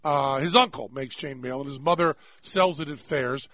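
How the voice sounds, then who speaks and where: Medium-pitched and a bit bright, a man hosts casual radio talk, rambling, cracking jokes and laughing readily. The recording from the radio studio's microphone is dry and dull-toned, with no room sound.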